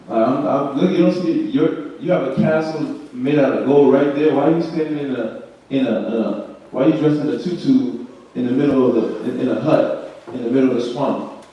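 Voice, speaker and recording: Male study leader, loose rhetorical teaching, mellow, distant roomy muffled recording. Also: mid-range voice, normal speed. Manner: conversational, repeats himself, asks rhetorical questions. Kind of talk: informal scripture teaching. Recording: echoey room, far from mic, muffled.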